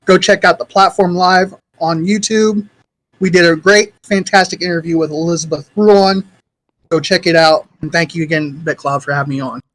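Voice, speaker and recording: A man's voice: a little high, steady tone, moderate pace, a bit bright, low-quality recording. A man giving an upbeat sign-off as a guest on a gaming stream. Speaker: podcast guest. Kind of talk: casual outro chat.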